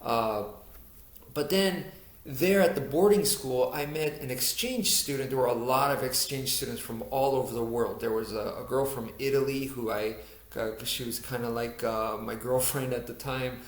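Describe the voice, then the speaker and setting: A man's voice: mid-range voice, moderate pace. A man tells an old personal story in a loose, rambling way, full of fillers, restarts and self-mocking asides. His voice bounces around a noticeably echoey room. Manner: rambling, many fillers and restarts, laughs at himself. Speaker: YouTuber telling a personal story. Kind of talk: casual storytelling to camera.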